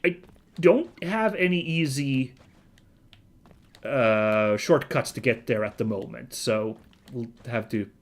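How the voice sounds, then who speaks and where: A man's voice: mid-range voice, slow, long pauses. Chatty man thinking aloud over gameplay. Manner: chatty, thinks aloud, lots of fillers and self-corrections. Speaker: gaming video host. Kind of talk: casual let's-play commentary.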